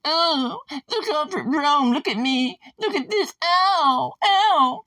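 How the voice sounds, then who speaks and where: Whiny self-pitying zealot. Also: male voice, expressive, takes it slowly, pushed and bright, no room sound, full character voice, rough recording. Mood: wailing. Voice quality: high whiny wail. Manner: simpering fake-polite sobbing. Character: whiny passive-aggressive male zealot, self-pitying martyr.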